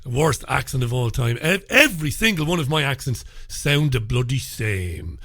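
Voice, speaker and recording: A man with an Irish accent hosts a solo talk radio show, chatty and opinionated with informal asides. Recorded dry and clean on a studio microphone, his voice is medium-pitched, sing-song, fairly bright, and at normal speed.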